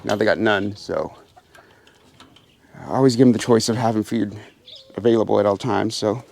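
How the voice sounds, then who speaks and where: Speaking on the low side with vocal fry and a darkish tone, a pheasant farmer and channel host narrates his chores at a moderate pace. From outdoor aviary pens he chats casually with viewers and coaxes his birds in a raised voice.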